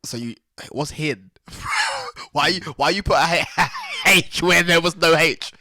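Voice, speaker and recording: A man teasing his co-host on a casual podcast, laughing often. His pitch swings widely and his tone is bright and forceful. The sound is dry and close. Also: wildly swooping pitch, slow pace, dry recording. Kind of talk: casual chat.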